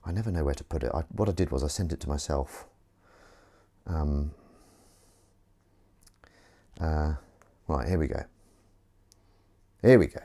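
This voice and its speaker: A man's voice: rumbling low, a little slow, pauses often, warm tone. A man hosting a casual live stream, rambling and self-mocking as he tries out a gadget. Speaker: livestream host. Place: outdoors in wind.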